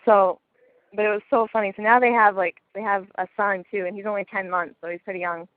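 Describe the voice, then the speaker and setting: A woman's voice: mid-range voice, steady tone, fairly quick, no room sound. A woman telling a story in casual chat, blunt and laughing often. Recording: tinny phone-like line.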